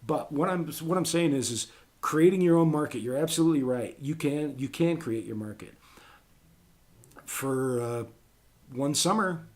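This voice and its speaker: A man's voice: fairly high pitch, normal speed, a little mellow. A middle-aged man talking casually on a podcast, rambling with many ums and restarts.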